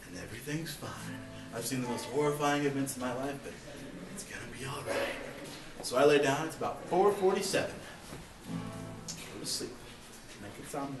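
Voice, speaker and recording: A young man telling a long stand-up story at an open mic, rambling with many fillers and laughing at his own jokes. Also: medium pitch. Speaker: stand-up comic. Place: coffee shop open mic. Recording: roomy, from far off, music behind.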